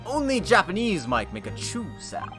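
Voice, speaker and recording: A gruff, blunt sailor with a heavy mock Russian accent, put on by a man reading a game, dropping his articles as he speaks. His lines bounce around, loud and high, over steady game music. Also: moderate pace. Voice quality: broken English, dropped articles. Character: gruff Russian sailor guarding a ship cabin. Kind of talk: voicing game dialogue.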